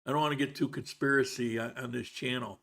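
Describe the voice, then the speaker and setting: A man hosting a relaxed live chat stream from home, talking in a loose, rambling way. He wanders between thoughts and restarts his sentences, sometimes talking with his mouth full. His voice sits at an ordinary middle pitch. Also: quick pace, creaky. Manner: rambling, chatty, with frequent restarts; talks while eating. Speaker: livestream host. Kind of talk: casual livestream chat. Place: home in Colombia.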